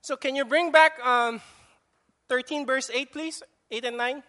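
A man's voice: very high-pitched, animated, normal speed, pushed and bright. A male pastor preaching a sermon in a conversational way, asking the congregation rhetorical questions.

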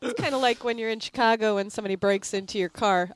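A woman's voice: medium pitch, fast talker, dry recording. A woman co-hosting a radio show, chatting and chiming in with quips. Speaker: radio co-host. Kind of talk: casual radio chat.

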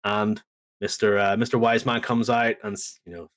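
A man on a podcast casually recapping a wrestling show, telling it as a lively story and acting out the lines. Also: fairly low pitch, normal speed. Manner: animated storytelling, acts out quotes. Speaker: podcast co-host.

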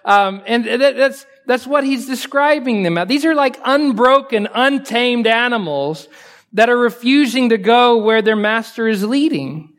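A male pastor preaches in a high, light voice at a measured pace, speaking expressively and conversationally to his congregation. He poses rhetorical questions and builds from quiet asides to forceful, emphatic lines.

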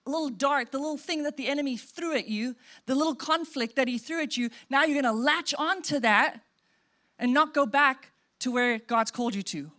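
Middle-aged woman pastor, high voice, emotive preaching that swings soft to emphatic. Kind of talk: sermon.

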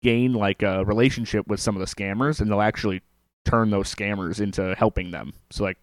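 A man's voice: lowish voice, fairly even intonation, a little fast, no room sound. A man hosting a podcast in casual chat, rambling and correcting himself as he explains. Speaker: podcast host.

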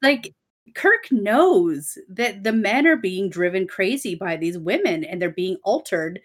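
Woman podcast co-host, sarcastic, lively sing-song delivery. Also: mid-range voice, a little slow. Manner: sarcastic, jokey. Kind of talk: casual chat.

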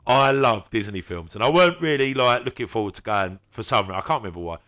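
A man's voice: medium pitch, lively intonation, fast, a bit bright. A man, a podcast co-host telling stories in casual, slangy chat and laughing often.

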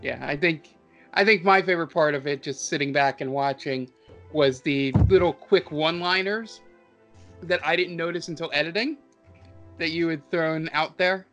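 Male podcast host and game master, slightly high voice, rambling and enthusiastic with lots of fillers. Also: moderate pace, a bit bright, faint music behind. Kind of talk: casual podcast chat.

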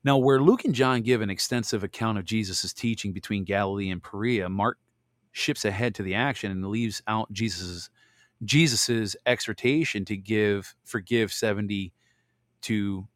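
Low-voiced man reading scripture, dry sound. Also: dry recording. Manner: reads verses deliberately, then breaks off into relaxed asides. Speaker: host reading and commenting on scripture. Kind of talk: Bible reading with casual commentary.

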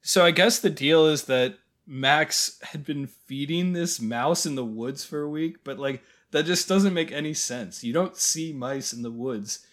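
A man co-hosting a podcast, making wry, deadpan asides about a film, with hesitant restarts. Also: on the high side, unhurried, few pauses. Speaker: podcast co-host. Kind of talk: casual film review chat.

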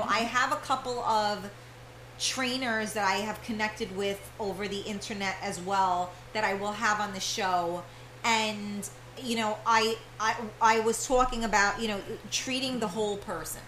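A woman's voice: medium pitch, sharp tone, echoey room, a little hiss or hum, rough recording. A woman hosting a live internet radio talk show, talking casually with many fillers and restarts.

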